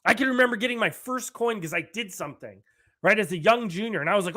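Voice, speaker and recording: A middle-aged man hosting a podcast, delivering an energetic solo rant, emphatic and often asking "right?" while acting out quoted dialogue. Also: high voice, fast talker. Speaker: podcast host.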